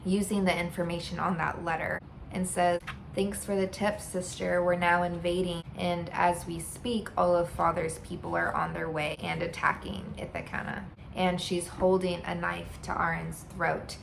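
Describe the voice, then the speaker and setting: A woman's voice: lowish voice, vocal fry, a little hiss or hum. A woman giving a casual spoken recap of a book, telling the story eagerly and briefly acting out the characters' lines. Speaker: book reviewer.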